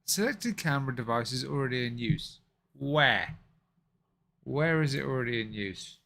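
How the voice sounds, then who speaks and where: A man's voice: mid-range voice, expressive, unhurried, gravelly, a bit bright. A man hosting a live stream, chatting casually with viewers, muttering and swearing to himself and then apologizing. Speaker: livestream host.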